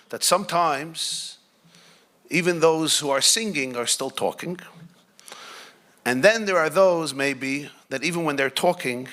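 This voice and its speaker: Bright-voiced man teaching with joking asides. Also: fairly high pitch. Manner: conversational, asks the audience questions, joking asides. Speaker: rabbi teaching Torah. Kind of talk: Torah class talk to a live group.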